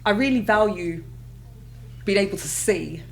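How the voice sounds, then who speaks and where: A British woman, a mother, telling her own story in a casual interview, lively and expressive, often acting out her past reactions. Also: mid-range voice, measured pace. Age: adult with children. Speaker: guest.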